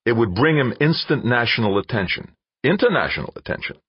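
A man voicing a skeptical, weary male company boss who sounds gruff and doubtful. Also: medium pitch, very animated, fairly quick, no echo, voice pushed up. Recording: dull lo-fi dry recording.

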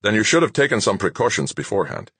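Guy playing a grumpy older doc, snappy and curt, husky low voice, dry sound. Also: sing-song, a little fast, a bit bright, dry recording, exaggerated voice. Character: gruff no-nonsense middle-aged male doctor.

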